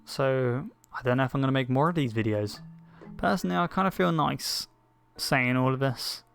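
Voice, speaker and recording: A man's voice: mid-range voice, moderate pace, vocal fry, fairly bright tone, faint music behind. A man talking through a personal, rambling monologue from his bed, hesitant and searching for words, emotional and choked up. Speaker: video creator. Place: bedroom, in bed.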